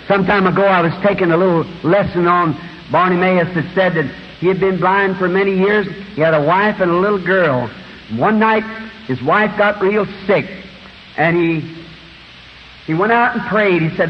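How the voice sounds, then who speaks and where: Revival preacher, man in his fifties, dramatic swings from whisper to shout, dull old tape of a big hall. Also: high voice, moderate pace, slight background noise. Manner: dramatic, swings from hushed to shouting while acting out Bible scenes. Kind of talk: fiery revival sermon. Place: large church auditorium.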